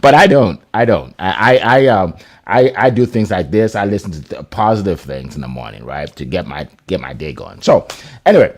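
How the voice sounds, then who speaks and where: Male host of an online panel on a video call, low voice with lively swings, casual and filler-heavy. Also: moderate pace. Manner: animated, filler-heavy, restarts.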